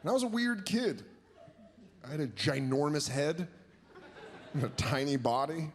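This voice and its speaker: A young man doing a profane, animated stand-up routine on stage, jumping into exaggerated quoted voices. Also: a little high, unhurried. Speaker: stand-up comedian. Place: stage before a live audience. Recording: live show with audience noise.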